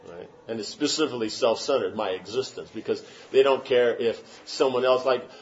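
A man's voice: mid-range voice, fairly quick, muffled recording, slight background noise. Man giving a rambling emphatic lecture. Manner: rambling, emphatic, with many restarts. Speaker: spiritual teacher. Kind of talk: lecture answering questions.

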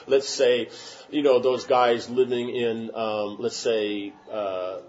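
A man's voice: mid-range voice, level tone, takes it slowly, a little mellow, dull audio. Man giving a rambling emphatic lecture. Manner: rambling, emphatic, with many restarts. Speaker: spiritual teacher. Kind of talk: lecture answering questions.

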